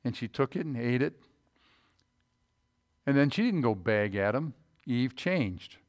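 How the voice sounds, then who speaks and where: A pastor delivers a folksy, conversational sermon, frequently tossing rhetorical questions at the room. He swings from loud emphasis to quiet, low asides, staying very animated while never rushing.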